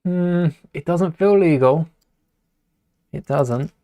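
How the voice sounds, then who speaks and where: A man's voice: fairly high pitch, slow, dark tone, dry recording, clean studio sound. A man talking casually to a live stream as he builds with LEGO, rambling, muttering to himself and greeting viewers in chat.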